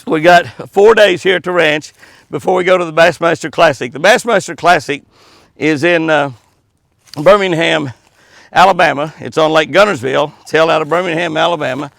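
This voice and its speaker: A man hosting a casual chat while he walks in the woods, folksy and quick to chuckle, cooing sweetly at his dogs between stories. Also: on the high side, gravelly, fairly bright tone, no room sound, clean studio sound. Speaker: host. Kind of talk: casual outdoor chat to camera. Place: outdoors, walking in the woods.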